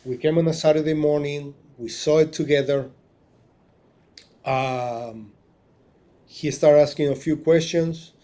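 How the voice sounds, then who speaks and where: A man's voice: fairly high pitch, fairly even intonation, a little slow, long pauses, mellow. A man who is a marina business owner, telling his story as a podcast guest, acting out quoted dialogue, getting emotional along the way, and often restarting his sentences. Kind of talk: storytelling in a casual interview.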